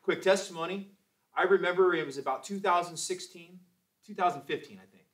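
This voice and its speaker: A man's voice: high-pitched, fairly quick, fairly bright tone, recorded from a distance. A man in his forties teaching a church Sunday school class, exhorting and telling testimony stories. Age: 40s. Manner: emphatic, exhorting, with testimony asides.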